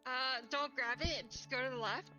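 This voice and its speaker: A young woman with a fairly high voice talks her friend through a puzzle game. She gives quick directions and keeps breaking into giggles, with the odd swear word. Game music plays steadily in the background. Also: bright, forceful tone, lo-fi sound. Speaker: streamer. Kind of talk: casual co-op gameplay chat.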